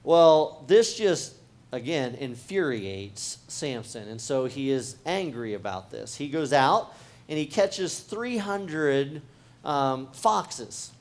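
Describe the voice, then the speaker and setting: A man's voice: mid-range voice, expressive, slow pace. A man, a pastor, preaching a sermon in a casual, conversational way, talking straight to the congregation and often restarting his phrases. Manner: talks directly to the congregation.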